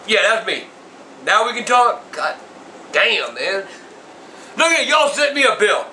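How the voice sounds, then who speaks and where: An older man, yelling and cursing on an angry phone call. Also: high voice, very animated, unhurried, a little hiss or hum. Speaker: grandfather.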